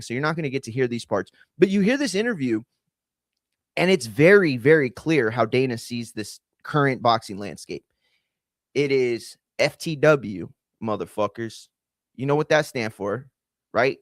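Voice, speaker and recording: A man streaming a profane, ranting commentary on combat sports, excitable and blunt. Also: a little high, dry recording, clean studio sound. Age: adult. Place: home room with bookshelves.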